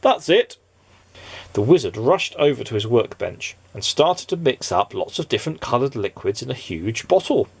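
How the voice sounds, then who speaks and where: A father reading a children's picture book aloud, gentle and expressive. His voice sits at an ordinary middle pitch for a man but moves up and down a lot as he tells the story. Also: moderate pace, creaky, few pauses, husky.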